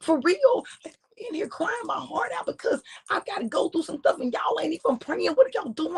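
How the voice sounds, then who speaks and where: A woman preacher voicing an anguished young man who pleads with God, breaking into high strained cries and whispers. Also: creaky, husky, exaggerated voice.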